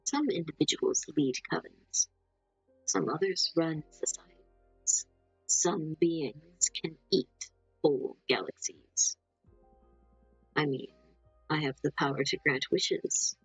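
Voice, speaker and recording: A woman voicing a self-assured male djinn who grants wishes, speaking in a slow, persuasive way. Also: low-pitched, husky, no room sound, faint music behind, voice pushed down, exaggerated voice, rough recording. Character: smooth-talking male wish-granting djinn.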